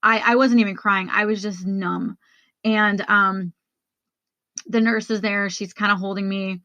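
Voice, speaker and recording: A woman's voice: medium pitch, steady tone, unhurried, bright, forceful tone, no room sound, highs cut off. A woman hosting a podcast, telling a personal story in a candid, conversational way and speaking straight to her listeners. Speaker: podcast host.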